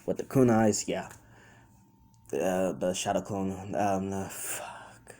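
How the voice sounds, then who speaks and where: A man's voice: low-pitched, slow, warm tone. A young man casually retelling a fan story off the cuff, rambling with many fillers and restarts. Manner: quotes characters in his own voice.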